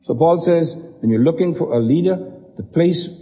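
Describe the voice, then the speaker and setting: A man's voice: a little high, normal speed, in a large hall, dull audio. A male pastor preaching a sermon, emphatic, driving points home with repetition and rhetorical questions.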